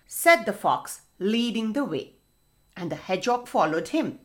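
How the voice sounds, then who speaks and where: A woman telling a storybook tale to children, expressive and speaking to them directly. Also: medium pitch, a little slow.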